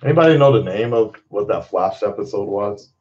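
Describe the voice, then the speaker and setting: A man's voice: on the low side, animated, a little fast, a little mellow, lo-fi sound. Rambling, swearing man in casual chat. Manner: rambling, laughs often, swears freely. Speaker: channel host.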